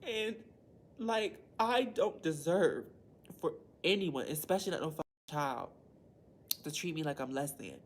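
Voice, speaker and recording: A woman's voice: sits low, lively intonation, unhurried, a little hiss or hum. A woman teacher venting to the camera in a heated, blunt way, swearing a lot and speaking.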